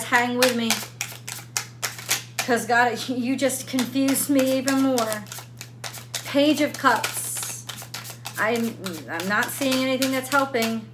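A woman's voice: fairly high pitch, noisy background. A woman reading tarot cards in a casual, unscripted way, thinking aloud and often repeating her questions. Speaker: tarot reader.

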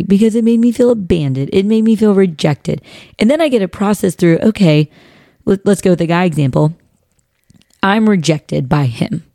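A young woman with a low, mellow voice shares personal examples in relaxed podcast chat. She speaks warmly and encouragingly and keeps saying "y'all." Her voice sounds close and dry. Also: gravelly, dry recording. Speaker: podcast co-host. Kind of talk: casual faith podcast chat.

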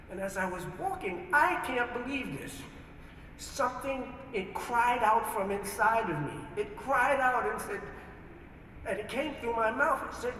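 A man giving a personal testimony, telling his story in an animated way and acting out the voices in it. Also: very high voice, a little slow, a little hiss or hum. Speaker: testimony speaker in a played video. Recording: video played in an echoey hall, heard from far off.

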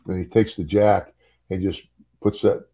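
A man's voice: deep voice, fairly even intonation, a little slow, vocal fry, mellow. An older man and former wrestler telling a story in casual chat, chuckling often and repeating words as he goes.

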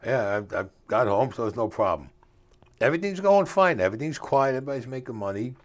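An older man telling a story as an interview guest, in a streetwise way with rough grammar, acting out the voices of the people he quotes. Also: mid-range voice, big pitch swings, quick pace.

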